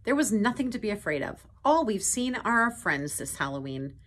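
A woman voicing a gentle, cheerful young male bear for a storybook reading, in a high sing-song voice. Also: sing-song, normal speed.

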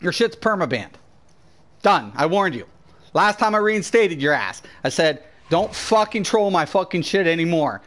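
A high-pitched young man talking straight to his chat while he plays. He swears freely and rants at viewers. His commentary is raw and profane. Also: sing-song, normal speed, a bit bright. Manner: profane, ranting, addressing chat. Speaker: game streamer. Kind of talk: live gameplay commentary.

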